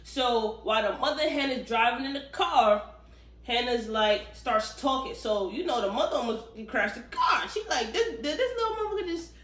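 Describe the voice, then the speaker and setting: A woman recapping a thriller novel in a casual, animated book review, cursing freely and talking straight to viewers. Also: on the high side, moderate pace. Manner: animated, profane, chatty storytelling. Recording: roomy echo.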